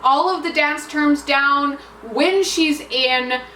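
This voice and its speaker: Young woman, high and bright, chatty book vlogger, echoey room mic at a distance. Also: takes it slowly, a little hiss or hum. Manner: chatty, lots of filler "like". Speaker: book reviewer. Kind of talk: casual book review vlog.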